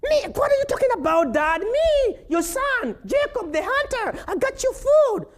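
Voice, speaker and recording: A man voicing a grown son who pleads desperately in a high, strained voice. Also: big pitch swings, normal speed. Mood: confused. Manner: high, strained, wailing pleas.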